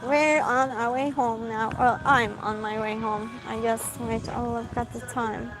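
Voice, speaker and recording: A woman's voice: a little high, steady tone, unhurried, poor audio. A woman, chatting casually and giggling as she reads out live comments while walking outdoors at night. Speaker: livestreamer. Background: music from a passing car.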